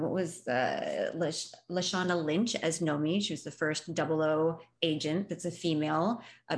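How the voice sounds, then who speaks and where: A woman co-hosting a film podcast in casual chat, laughing easily and reading out a list. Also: sits low. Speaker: podcast co-host.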